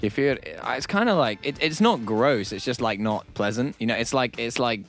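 A man's voice: medium pitch, animated, moderate pace, a bit bright, faint music behind. A man chatting casually, wry and rambling, with lots of fillers. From England. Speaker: comedian in a panel chat. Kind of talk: casual comedic chat.

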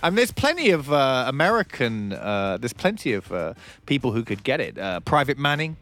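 A man chatting playfully as co-host, often pausing on fillers and restarting his sentences. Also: medium pitch, big pitch swings, fairly bright tone, soft background music. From abroad, living in Britain. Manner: playful, hesitant with many fillers. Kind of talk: casual comedic chat.

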